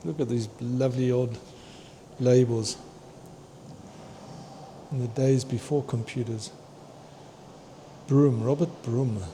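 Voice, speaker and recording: A man excitedly touring a fossil museum, chatting to his viewers and tripping over long names. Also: mid-range voice, slow, pauses often, a little hiss or hum. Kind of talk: walking museum tour vlog. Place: indoor museum hall.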